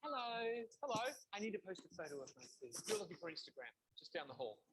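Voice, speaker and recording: A man performing a comedy sketch, deadpan as he directs people to the right place. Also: high-pitched, fast, breathy edge, heavily acted.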